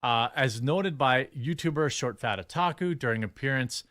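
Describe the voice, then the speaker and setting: A man's voice: medium pitch, normal speed, a bit bright, dry recording, clean studio sound. A man doing online video commentary, dismissive in tone and reading posts aloud.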